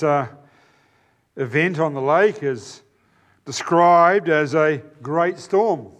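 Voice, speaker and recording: With a little height to his voice and a New Zealand accent, a man gives a sermon as if in conversation, filling pauses and turning now and then to speak aside to the congregation.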